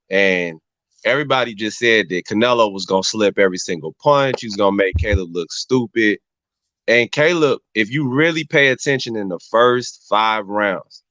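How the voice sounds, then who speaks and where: A man's voice: on the low side, fairly bright tone, dry recording. Emphatic man breaking down a fight. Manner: emphatic, repeats phrases, addresses the crowd as y'all. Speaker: barbershop regular giving boxing analysis. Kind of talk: casual chat. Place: barbershop. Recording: dull, slightly muffled, dry sound.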